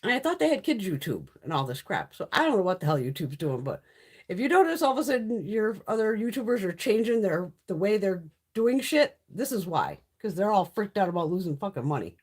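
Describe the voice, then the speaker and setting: Husky, lively middle-aged woman chatting. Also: medium pitch, brisk. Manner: chatty and blunt, swears freely, laughs often. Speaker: beauty YouTuber hosting a live stream. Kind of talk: casual live-stream chat.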